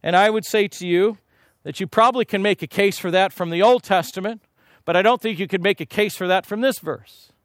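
A middle-aged man preaching a sermon in a conversational way, with rhetorical questions and quick asides to his congregation. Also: high-pitched, a bit bright, no echo, studio quality.

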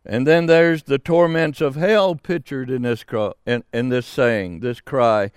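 An older man preaching a sermon, slow and emphatic with dramatic pauses. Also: mid-range voice, smooth, no room sound, studio quality.

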